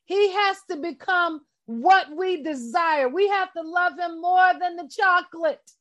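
A woman's voice: very high voice, measured pace, a bit bright, lo-fi sound. A woman teaching a casual sermon, talking straight to her listeners in an impassioned, emphatic way. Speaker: bible teacher.

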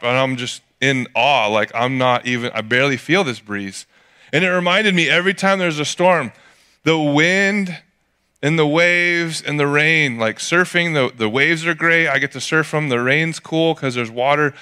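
Bright, crisp-voiced casual preacher. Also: male voice, on the high side, normal speed. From California. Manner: casual storytelling, jokey asides. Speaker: pastor. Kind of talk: sermon.

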